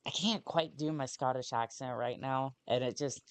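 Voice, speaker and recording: A woman's voice: extremely low pitch, dry recording. Rambling woman streamer narrating gameplay. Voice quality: rambling, self-correcting, reads on-screen text slowly. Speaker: game streamer. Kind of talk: casual gameplay commentary.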